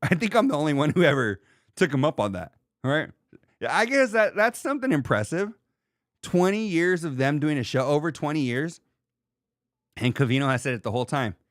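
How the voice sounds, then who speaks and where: A man in his thirties hosting a podcast in casual chat, animated and profane, reading comments from a live chat. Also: fairly high pitch, a little fast, no room sound, studio quality. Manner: animated, profane, laughs and mimics people. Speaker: podcast host.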